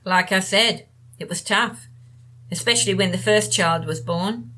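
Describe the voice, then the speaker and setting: A woman's voice: medium pitch, pushed and bright, a little hiss or hum. A woman voicing a nasal, brooding old woman. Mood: wistful. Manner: halting, drifting, talks to herself. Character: frail older woman, tiny, brooding, evasive. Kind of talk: audiobook character reading.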